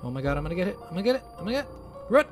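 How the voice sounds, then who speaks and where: A man playing a horror game and commenting out loud, frantic and full of swearing as he talks to himself. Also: high voice, very animated, racing, faint music behind. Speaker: gamer.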